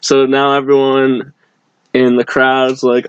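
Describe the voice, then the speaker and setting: A man's voice: mid-range voice, completely flat delivery, unhurried, clean tone, no echo, highs cut off. A young man from telling a rambling bar story in casual chat, full of fillers and restarts. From Boston area. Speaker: guest.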